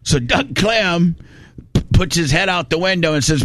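A man's voice: sits high, animated, normal speed, noisy background. Folksy rambling storyteller man. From Indiana. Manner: rambling, folksy, restarts often. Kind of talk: casual storytelling.

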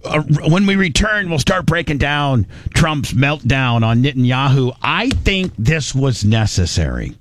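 A man's voice: mid-range voice, sing-song, measured pace, few pauses, no room sound. A man hosting a talk radio show, blunt and crude in his commentary.

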